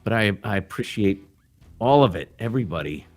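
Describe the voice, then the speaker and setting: A deep-voiced man hosts a casual livestream chat, rambling, restarting sentences and dropping curses along the way. Faint music plays behind him. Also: expressive, a little fast, a little mellow. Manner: rambling, loose and profane, restarts often. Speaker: livestream host. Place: backyard grill gazebo.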